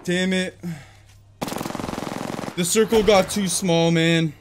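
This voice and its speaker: A young man streaming a shooter game, reacting loudly and excitedly as he plays, yelling at opponents. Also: high voice, slow, pauses often, soft background music. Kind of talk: live gameplay commentary.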